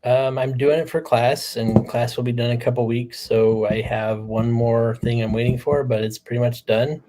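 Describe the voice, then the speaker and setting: A man's voice: medium pitch, fairly even intonation, normal speed, dark tone, slight background noise. Laid back guy from the southwest, just chatting, laughs a lot. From American Southwest. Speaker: podcast guest. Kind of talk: casual chat.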